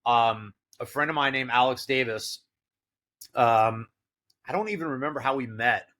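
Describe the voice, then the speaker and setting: A man's voice: medium pitch, moderate pace, bright, forceful tone. A middle-aged man telling a long story as a podcast guest, rambling with plenty of fillers and quoting what other people said. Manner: rambling, filler-heavy storytelling with quoted dialogue. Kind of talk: casual storytelling.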